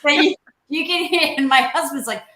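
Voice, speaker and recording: Casting: lively woman co-host, bright tone, roomy echo. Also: high voice, moderate pace. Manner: animated, laughing storyteller. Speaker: podcast co-host. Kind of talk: casual panel chat.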